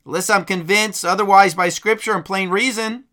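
A man's voice: high voice, steady tone, moderate pace, sharp tone. A male preacher giving an emphatic, combative sermon.

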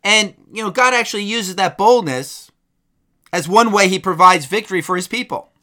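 A man's voice: high-pitched, normal speed, pushed and bright. A male preacher giving an emphatic, combative sermon.

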